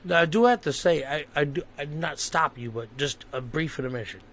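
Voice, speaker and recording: A man's voice: a little high, a little fast, a bit bright. A man hosting a casual podcast, joking with his guest in loose, playful banter. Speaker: podcast host.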